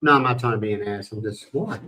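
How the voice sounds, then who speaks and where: A man's voice: on the low side, fast talker, bright, forceful tone, slight background noise, low-quality recording. An older man from the United States hosting a casual livestream, rambling and blunt, swearing now and then. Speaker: livestream host. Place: home in the Philippines.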